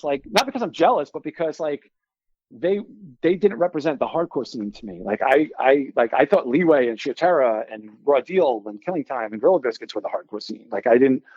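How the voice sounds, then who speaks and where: Brief: forties male guest, rambling animated storyteller, slightly muffled dry recording. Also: mid-range voice, no room sound. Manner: animated, rambling, with many filler likes and restarts. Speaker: guest musician. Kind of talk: casual storytelling.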